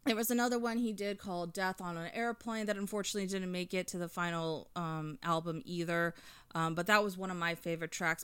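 Chatty woman with a bright, crisp voice. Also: mid-range voice, no room sound. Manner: chatty, many fillers, enthusiastic storytelling. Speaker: podcast co-host reviewing an album. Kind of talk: casual podcast chat.

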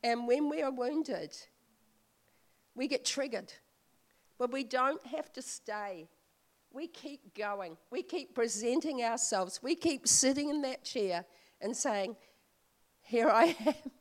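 A woman preaching as a visiting speaker, telling a personal story in a slow, heartfelt way. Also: a little high, lively intonation. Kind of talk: sermon.

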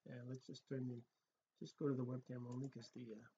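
A man's voice: medium pitch, flat delivery, a little fast, creaky, warm tone, slightly rough, highs cut off. A man giving a casual tutorial at his home computer setup, rambling and correcting himself as he goes. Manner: rambling, self-correcting, many fillers. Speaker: tutorial host. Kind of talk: casual screen-recorded tutorial.

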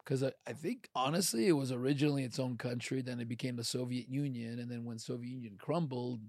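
Gravelly man from Ukraine, chatting loosely. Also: medium pitch, quick pace, a little mellow, dry recording, clean studio sound. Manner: loose, rambling, lots of "like" and "man". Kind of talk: casual chat.

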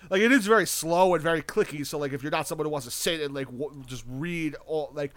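A man's voice: a little high, fast talker, a bit bright, dry recording. A young man in casual chat, rambling enthusiastically with lots of fillers, restarts and casual swearing. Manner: enthusiastic about a video game.

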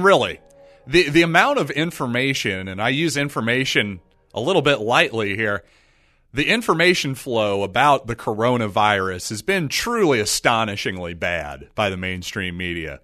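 Middle-aged guy ranting on his podcast, sarcastic, bright sharp voice, soft music under it. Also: mid-range voice, dry recording, clean studio sound. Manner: sarcastic, animated, mocking asides. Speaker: podcast host. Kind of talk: casual solo commentary.

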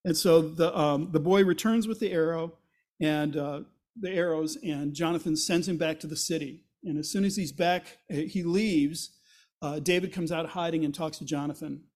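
A man's voice: a little high, normal speed, a little mellow. A male pastor preaching a sermon, retelling a Bible story in a casual, conversational way and acting out the characters' lines. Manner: acts out quoted voices with rising intensity.

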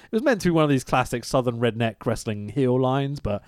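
A man co-hosting a casual wrestling podcast, sweary and animated, laughing often. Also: mid-range voice, fairly quick, no echo, studio quality. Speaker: podcast co-host.

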